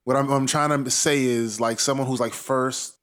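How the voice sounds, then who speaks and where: A man's voice: mid-range voice, fairly even intonation, moderate pace, a bit bright. A man talking in a casual podcast chat, rambling and profane, often laughing mid-sentence.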